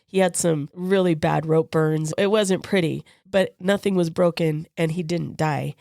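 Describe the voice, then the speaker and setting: A woman with a fairly low speaking voice recounts a personal story on a podcast she co-hosts. She tells it in a lively, casual way and slips into the voices of the people she quotes. The sound is dry and close, with no room around it. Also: unhurried, gravelly, dry recording. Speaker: podcast co-host.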